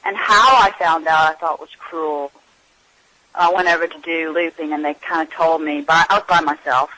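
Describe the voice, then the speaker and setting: A woman's voice: deep voice, steady tone, normal speed, pushed and bright, poor audio. An actress being interviewed, reminiscing about her films and often trailing off as she searches for memories.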